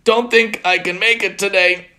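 A man voicing a hoarse, sniffling schoolgirl who calls in sick and apologizes. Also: high voice, fairly even intonation, moderate pace, pushed and bright, pitched above the performer's own voice. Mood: apologetic. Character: girl with a bad cold, apologetic.

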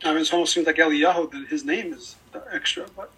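A man's voice: fairly high pitch, fairly even intonation, fast talker, bright, forceful tone. A man in the class giving tentative answers to the teacher's questions. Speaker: student. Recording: distant from the mic.

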